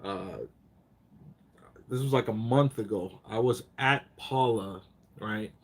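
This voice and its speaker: Husky-voiced man ranting in casual chat. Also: fairly low pitch, takes it slowly. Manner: rambling storytelling with profanity, gets worked up. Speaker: gambling vlogger hosting a live chat. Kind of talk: casual live-stream chat.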